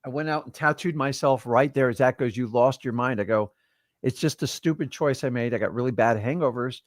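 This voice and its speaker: A man's voice: mid-range voice, fairly quick, dry recording. Preachy middle-aged man, dry close sound. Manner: preachy, addresses listeners as guys. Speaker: livestream host. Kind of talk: casual motivational chat.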